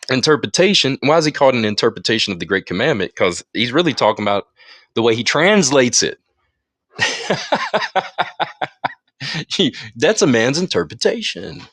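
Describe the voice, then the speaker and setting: Speaking into a phone in an audio chat room, this man teaches a Bible study, reading scripture aloud and pausing for forceful asides to those listening. His voice is mid-range and fairly bright, and the audio has studio quality without any echo.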